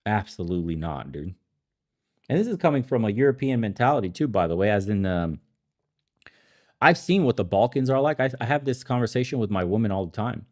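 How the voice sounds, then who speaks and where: A man's voice: fairly low pitch, sing-song, brisk. A man hosting a podcast, an immigrant to America, ranting with heavy swearing and heated outbursts, laughing at himself now and then. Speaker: podcast host. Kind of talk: profane ranting commentary. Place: in the Balkans.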